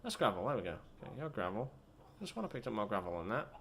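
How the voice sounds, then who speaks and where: A sing-song delivery marks this young British man's fairly low, slightly bright voice as he talks quickly over his gameplay. The gaming channel host's let's play commentary is rambling, chatty and self-deprecating, with slight background noise.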